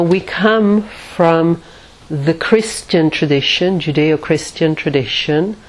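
Slow, low-voiced woman teaching meditation. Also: a little mellow, rough recording. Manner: measured and reflective, with many pauses. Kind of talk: spiritual teaching talk.

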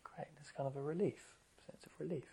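A man giving a gentle, conversational dharma talk to meditators as their teacher, often asking rhetorical questions. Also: a little high, steady tone, fairly quick, vocal fry, slightly rough, low-quality recording.

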